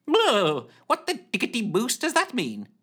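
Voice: medium pitch, huge pitch swings, unhurried, sharp tone, husky, voice pushed up, heavily acted. A narrator voicing a scatterbrained, eccentric woman astronomer who muddles her words. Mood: excited. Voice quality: muddled, nonsense phrases.

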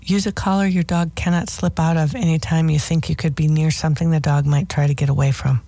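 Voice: medium pitch, fairly even intonation, fairly quick, vocal fry, mellow, no echo. A radio host of a dog-training show, giving firm, instructive advice as a list of do's and don'ts.

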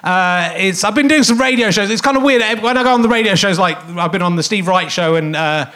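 High, bright-voiced comic host. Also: male voice, brisk. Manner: rambling, self-mocking, chuckling at his own jokes. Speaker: comedy podcast host. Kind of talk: live stand-up style monologue. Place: theatre stage before a live audience.

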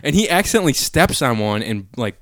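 A young man in his twenties co-hosting a casual podcast chat, telling stories with lively swings into loud put-on voices. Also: mid-range voice, fairly quick, no echo, clean studio sound. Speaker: podcast co-host.

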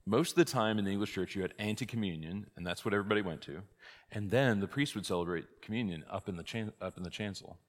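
A man, a priest, teaching a conversational church class, lively and full of rhetorical questions. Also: fairly low pitch, fast. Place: church hall. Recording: long hall reverb.

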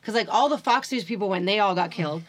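A woman's voice: mid-range voice, fast talker. A woman co-hosting a podcast, chatting casually and rambling with lots of "like" as she retells stories. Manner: rambling, heavy use of "like", animated retellings. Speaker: podcast co-host. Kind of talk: casual chat.

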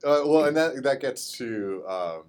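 A man co-hosting a podcast, talking casually about an old movie in an animated, rambling way with lots of fillers. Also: medium pitch, a little slow, smooth. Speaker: podcast co-host. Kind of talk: casual film discussion.

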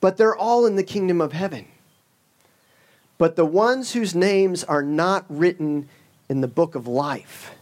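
A man's voice: fairly high pitch, a little mellow. A man preaching a sermon with a humorous story, in a conversational, storytelling way with joking asides.

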